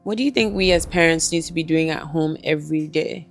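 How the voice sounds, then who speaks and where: A chatty woman hosts a parenting podcast and tells lively stories as a mother. Her voice sits fairly low, with soft music playing faintly behind it. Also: brisk. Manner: chatty, animated storytelling. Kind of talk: podcast interview.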